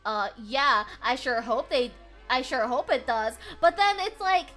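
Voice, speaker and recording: A woman streamer chats casually with a high, bright voice. She is animated, breaks into laughter often and swears freely. Faint music plays underneath. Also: unhurried. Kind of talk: casual chat.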